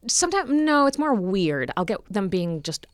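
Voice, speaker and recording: A woman's voice: mid-range voice, sing-song, normal speed, no room sound, studio quality. A woman comedian chatting casually, acting out quoted people in shifting voices. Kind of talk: casual chat.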